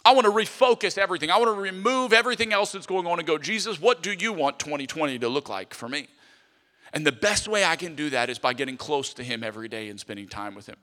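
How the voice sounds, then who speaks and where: A male pastor preaching a sermon with animated delivery, moving between loud emphasis and hushed asides. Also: sits high, long reverb tail.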